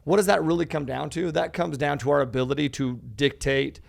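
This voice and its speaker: Pitched on the high side with vocal fry, this podcast guest and real estate educator talks briskly and casually. He acts out dialogue, keeps saying "dude," and swears without restraint.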